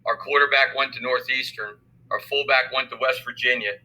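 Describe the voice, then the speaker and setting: An older man, a football coach answering interview questions in a measured, thoughtful way. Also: mid-range voice, fairly even intonation, sharp tone, rough recording. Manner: measured, thoughtful, many fillers. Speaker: high school football coach. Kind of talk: interview conversation.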